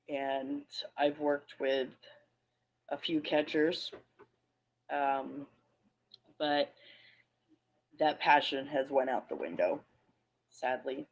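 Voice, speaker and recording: A woman making a hesitant, subdued personal statement to an online community, pausing often. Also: sits low, a little mellow. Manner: subdued, hesitant, many pauses and ums. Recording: muffled lo-fi audio, played back on a stream.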